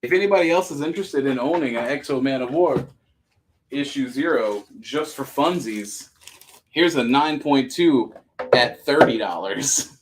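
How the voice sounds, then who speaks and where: Joking man pitching comics live. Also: a little slow, a little hiss or hum. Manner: joking, profane, auctioneer-style pitches. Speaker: comic shop live sale host. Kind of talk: casual live-stream sales patter.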